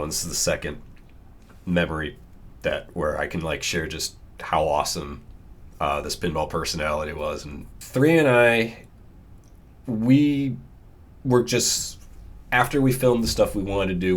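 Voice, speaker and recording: A man introducing a clip in a subdued, halting vlog tribute. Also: low voice. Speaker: vlogger.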